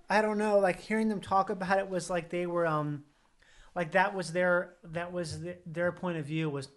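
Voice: medium pitch, fairly even intonation, moderate pace. Rambling, swearing podcast co-host. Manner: rambling, filler-heavy, swears casually. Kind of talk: casual chat.

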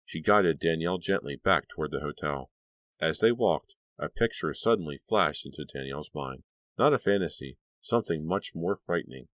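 Deep-voiced male narrator, expressive dramatic read, lively intonation, dry close sound. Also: moderate pace, no room sound. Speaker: audiobook narrator. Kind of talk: scripted narration.

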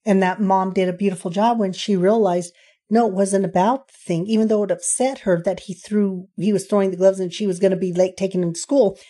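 A middle-aged woman counselor speaks earnestly about parenting in a conversational interview, her medium-pitched voice moving a little fast. She gets animated when quoting parents, acting out both them and their children.

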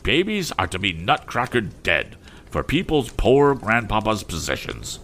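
A man voicing an exasperated gentleman father who pleads in helpless, desperate outbursts. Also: on the low side, big pitch swings, measured pace, slight background noise, voice pushed up, heavily acted.

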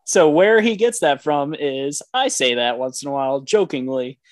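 A man's voice: on the high side, expressive, normal speed, no echo. A man in his thirties on a podcast, telling funny family stories with laughter and casual swearing. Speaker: podcast co-host.

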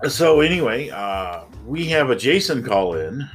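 A man co-hosting a gaming podcast in relaxed casual chat, agreeable and easygoing. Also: medium pitch, a little slow, soft background music. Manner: relaxed, agreeable, many fillers. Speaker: podcast co-host.

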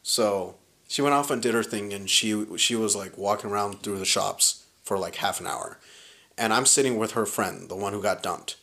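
A man in his thirties casually telling a story in a podcast chat, animated and swearing often, acting out what people said. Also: lowish voice, normal speed, vocal fry. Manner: animated, profane, acts out quoted lines.

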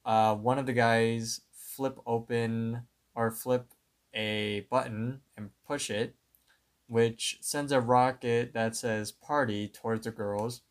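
A man's voice: medium pitch, steady tone. A man co-hosting a podcast, retelling a cartoon episode in a plain, step-by-step way. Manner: unhurried, plain play-by-play retelling. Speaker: podcast co-host. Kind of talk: casual episode recap.

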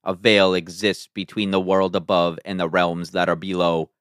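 A man, a podcast host, reading an ancient text aloud in a measured, solemn way. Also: sits low, level tone, fairly bright tone, no room sound, studio quality.

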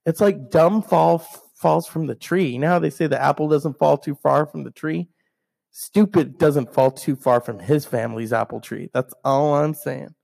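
A man's voice: on the high side, normal speed, gravelly. A man telling heated personal stories in a profane rant, acting out other people's lines as a solo podcaster. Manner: animated storyteller who acts out others' lines. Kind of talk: ranting personal storytelling monologue.

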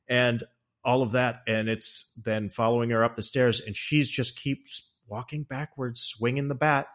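A man hosting a podcast, casually discussing a film with animated storytelling. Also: medium pitch, unhurried. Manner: animated storytelling, acts out quotes. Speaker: podcast host.

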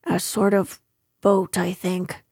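A woman voicing a simple, cheerful, honey-loving bear who sounds gently puzzled. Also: lowish voice, level tone, slow, slightly rough, dry recording, clean studio sound, heavily acted. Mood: earnest.

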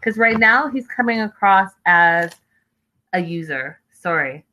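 A woman hosting a casual livestream, chatting with viewers and reacting to their comments in a lively, talkative way. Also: lowish voice, measured pace, poor audio. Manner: chatty, animated, addresses viewers as y'all. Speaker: livestream host reading chat. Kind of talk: casual reality-show recap livestream.

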